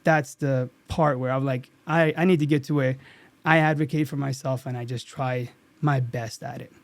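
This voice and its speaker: A man guest on an interview podcast, telling a story from a set in an earnest, animated way with lots of restarts. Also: mid-range voice, moderate pace, no echo. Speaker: actor guest.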